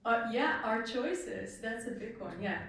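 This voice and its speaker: A woman with a somewhat high voice leads a relaxed group talk, chatting and asking her listeners questions between bursts of laughter. She sounds a little far from the mic in a very echoey room. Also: a little slow, gravelly, very noisy. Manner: chatty, laughs often, asks the audience questions. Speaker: spiritual talk leader. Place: lounge room with a small audience.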